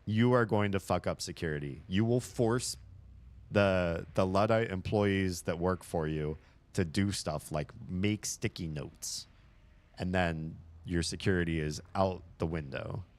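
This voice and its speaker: Low-voiced man in casual game commentary. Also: unhurried. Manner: chatty, swears freely, laughs at his own jokes. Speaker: streamer playing a horror game. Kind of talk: casual let's-play commentary.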